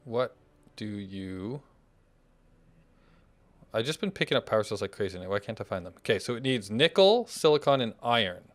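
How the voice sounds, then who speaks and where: A man's voice: medium pitch, big pitch swings, fast, few pauses, fairly bright tone. A man hosting a multiplayer gameplay session, chatting casually and thinking aloud as he sorts out game systems. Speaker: gameplay host.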